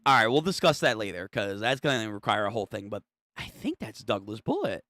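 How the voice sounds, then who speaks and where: A young man streamer reacts live to a manga chapter, swearing casually as he goes. His voice is bright and swings up and down a lot. The sound is close and dry. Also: fairly low pitch, very animated, a little fast, dry recording. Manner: casual and profane, reacting out loud.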